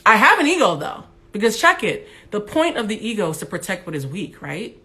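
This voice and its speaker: On an Instagram Live, a young woman with a loud, big, mid-range voice talks fairly quickly through a frank monologue on her phone. She's animated and blunt, with some profanity mixed in.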